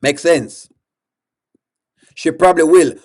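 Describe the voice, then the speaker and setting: Slower this time and a little mellow, the reaction-show host keeps his high-side voice chatty as he reads viewer comments aloud and puts questions to the audience during his live-stream commentary.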